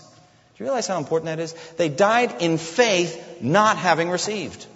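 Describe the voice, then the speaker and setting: A man preaches in a church sanctuary, his pitch rising and falling in a lively way as he reads scripture. Emphatic asides break into the reading. Long hall reverb and a dull, muffled recording surround his voice. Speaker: pastor. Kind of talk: sermon.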